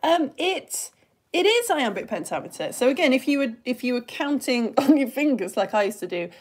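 A woman from the United Kingdom teaching a live online lesson, chatty and laughing often, reading verse slowly. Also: sits high, very animated, husky.

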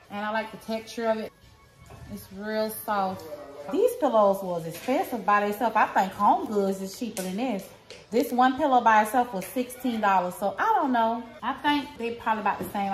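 A woman vlogger with a slightly high, somewhat bright voice shows off a shopping haul from home, chatting casually and speaking straight to her viewers with lots of "y'all." The recording has a roomy echo.

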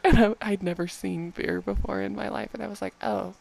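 A woman giving excited gameplay commentary at home at night, repeating phrases and often dropping to a hushed whisper so she won't wake others. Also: mid-range voice, fairly quick, vocal fry, hardly any pauses. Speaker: game vlogger.

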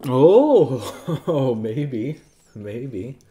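A man in his thirties hosting a family vlog, chatting gently and patiently with his child between bites of food. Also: medium pitch, very animated, drawn-out words. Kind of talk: casual family chat while eating.

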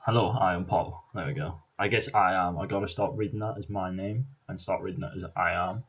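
A man's voice: sits low, fairly even intonation, a little fast, husky, highs cut off. A Scottish man casually commentating on his own language-app practice, thinking aloud and chuckling at his mistakes. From Scotland. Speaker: vlogger. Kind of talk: casual let's-play commentary.

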